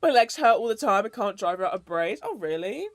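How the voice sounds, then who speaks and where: A woman's voice: medium pitch, sing-song, fairly quick, dry recording, faint music behind. A young woman streamer who chats casually and rambles, with easy swearing. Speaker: VTuber streamer.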